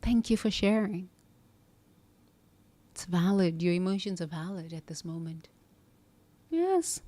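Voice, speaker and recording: A woman speaks in an earnest, coaching way in a reflective self-help monologue. She poses questions and answers them herself, steady and sincere. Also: lowish voice, unhurried.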